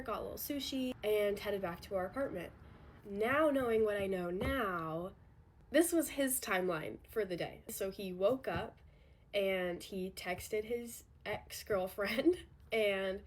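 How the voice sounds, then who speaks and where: A woman's voice: medium pitch, darkish tone, a little hiss or hum. A woman in her twenties telling a personal story in a rambling, reflective, candid way. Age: 20s.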